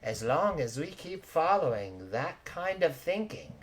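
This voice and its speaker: Guy doing a short flattering noblewoman, grand and coaxing, pitch moving around a lot. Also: measured pace, a little hiss or hum. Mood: approving.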